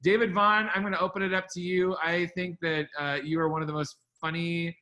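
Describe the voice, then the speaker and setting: A man's voice: a little high, flat delivery, brisk, bright, forceful tone. A man moderating an online panel, introducing guests in an upbeat way with many fillers. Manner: upbeat, laughing, filler-heavy. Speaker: co-host, moderator. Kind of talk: casual introductions on a video panel.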